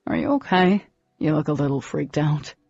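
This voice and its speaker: A woman reading the lines of a cocky, teasing teenage boy in an audiobook, in a lowered, dismissive voice. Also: moderate pace, darkish tone, no room sound, lo-fi sound.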